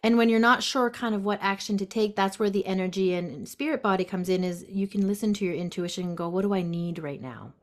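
A woman guest on a podcast, gently explaining step by step how to handle anxiety, acting out the inner voice. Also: medium pitch, steady tone, quick pace, hardly any pauses. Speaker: guest, intuitive health practitioner. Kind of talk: casual podcast conversation. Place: sunroom at home.

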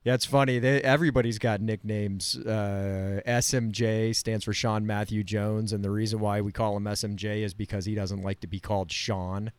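A man's voice: fairly low pitch, fairly even intonation, moderate pace, hardly any pauses, smooth, no echo. A man co-hosting a podcast over a video call, bantering in a dry, teasing way. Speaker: podcast co-host.

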